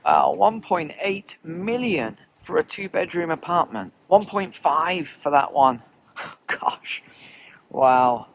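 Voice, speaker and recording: A vlogger walks through a snowy city, talking chattily to his viewers as he films. His voice sits fairly high and is very animated, though he speaks slowly, with slight noise behind him.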